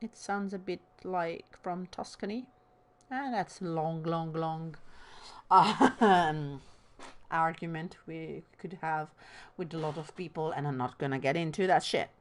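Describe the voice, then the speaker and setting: Italian lady w a bolognese lilt rambling over a game, lowish voice, takes her time. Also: measured pace. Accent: Italian, slight Bolognese lilt. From Bologna, Italy. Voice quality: drama-school trained diction. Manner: rambling, chatty, self-deprecating asides. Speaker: let's play host. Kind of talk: casual gameplay commentary.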